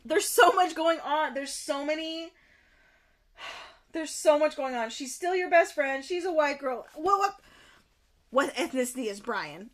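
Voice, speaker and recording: A young woman streams herself reading a book aloud and reacting to it, animated and quick to exclaim and repeat herself. Her voice is high-pitched.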